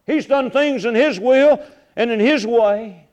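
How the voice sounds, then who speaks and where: A middle-aged male pastor delivers a sermon. His voice sits high for a man. He swings between fervent, loud passages and hushed asides, often repeating his words. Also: measured pace.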